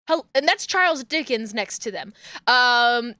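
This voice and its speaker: Young woman streamer, excitable rant, high voice, bright tone, dry close sound. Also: a little slow, no room sound. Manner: excitable ranting, laughing, bursts of shouting. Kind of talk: casual game-stream chat.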